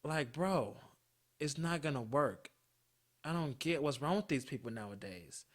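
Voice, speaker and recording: A man in his twenties hosting a solo podcast, swearing constantly and swinging between heated outbursts and low mutters. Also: expressive, measured pace. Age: 20s. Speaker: podcast host.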